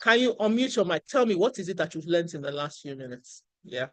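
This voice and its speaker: A woman's voice: on the low side, very animated, brisk, dry recording. Emphatic woman teaching online. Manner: emphatic, encouraging, calls on students by name. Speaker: research writing instructor. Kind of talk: online class lecture. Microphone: video call.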